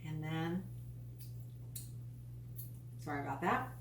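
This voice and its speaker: A woman's voice: low-pitched, animated, takes it slowly, slight background noise. A woman hosting a home cooking show, chatty and enthusiastic, with folksy asides while she demonstrates recipes. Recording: echoey room, mic at a distance.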